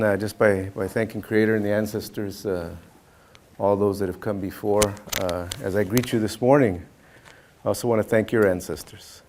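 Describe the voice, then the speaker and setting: A man giving a keynote speech, telling personal stories in a relaxed, chatty way with many fillers. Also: fairly low pitch. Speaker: keynote speaker.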